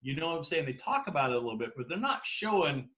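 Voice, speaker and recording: A man's voice: a little high, sing-song, quick pace, a bit bright, rough recording. A man on a casual team video call, making an earnest, rambling point and often asking "you know what I'm saying".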